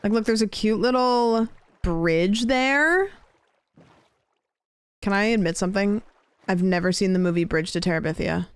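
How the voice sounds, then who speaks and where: Young woman streamer just chatting while gaming, smooth voice, dry close mic. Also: mid-range voice, unhurried, long pauses, dry recording. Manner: rambling, chatty with viewers. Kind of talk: casual gameplay chat.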